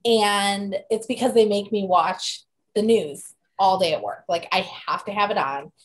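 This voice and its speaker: A woman's voice: medium pitch, unhurried. A young woman from the United States co-hosting a podcast, chatting casually with frequent laughs and fillers. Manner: chatty, giggly, lots of fillers. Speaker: podcast co-host. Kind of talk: casual chat.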